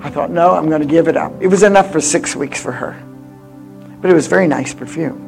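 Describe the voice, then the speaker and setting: A woman in her eighties preaching a sermon with personal stories, swinging from loud exhortation to hushed confiding. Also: deep voice, brisk, creaky, faint music behind. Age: 80s.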